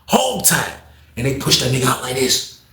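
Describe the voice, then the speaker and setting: A man telling a story casually, animated and profane, repeating lines for effect. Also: mid-range voice, moderate pace. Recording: echoey room.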